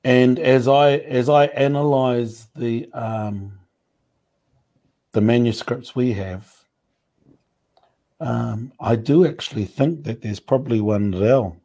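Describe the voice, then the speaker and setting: A man talking in a relaxed, thoughtful way during a casual discussion, pausing often with fillers. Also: medium pitch. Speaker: panel speaker.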